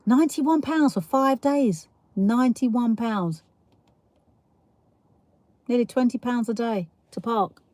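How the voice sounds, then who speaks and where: A woman's voice: on the high side, slow pace, pauses often, a little mellow, no room sound. A woman from South East London with a South East London accent, hosting a casual livestream and chatting with viewers, laughing often between rambling asides. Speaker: livestream host. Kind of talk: casual live chat reading comments.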